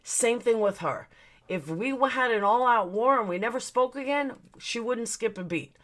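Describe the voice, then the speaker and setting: A woman's voice: on the high side, expressive, moderate pace, a bit bright. A woman venting on her livestream, her voice swinging widely up and down as she gets heated. She swears freely and stops mid-rant to welcome people by name. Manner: heated, profane, greets chatters mid-rant. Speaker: livestream host.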